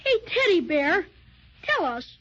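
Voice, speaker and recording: An eager, bold young boy who sounds excited and a bit bossy. His high voice leaps all over the place. It is a 1930s radio play, and the recording sounds dull and muffled. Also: takes it slowly, heavily acted. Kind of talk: 1930s radio drama acting.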